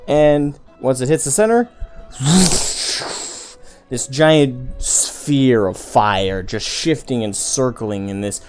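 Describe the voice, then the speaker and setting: A man's voice: mid-range voice, slow pace, long pauses, darkish tone, clean tone, faint music behind. Man running a tabletop game. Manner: loose descriptive narration full of "like" and "kind of". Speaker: game master.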